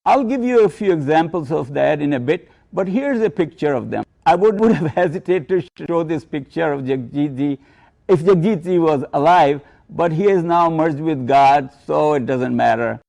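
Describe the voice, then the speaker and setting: An older man, reminiscing in a measured storytelling narration. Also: a little high, expressive, creaky, a little mellow. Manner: measured storytelling with quoted Hindi asides. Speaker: narrator of a personal tribute.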